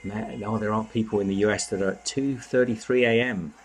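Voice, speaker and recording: A man's voice: fairly low pitch, steady tone, brisk, faint music behind. A man hosting a casual live chat from home, greeting viewers by name and snacking as he talks. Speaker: live stream host.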